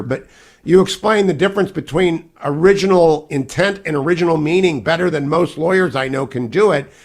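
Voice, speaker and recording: A man hosting a radio talk show, asking emphatic, enthusiastic questions of an author guest. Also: fairly high pitch. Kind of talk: radio interview.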